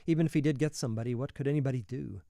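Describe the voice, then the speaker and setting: Man reading a book out loud, warm mellow voice, dry close mic. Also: medium pitch, creaky, no room sound. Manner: steady, measured storytelling. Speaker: reader. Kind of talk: reading a novel aloud.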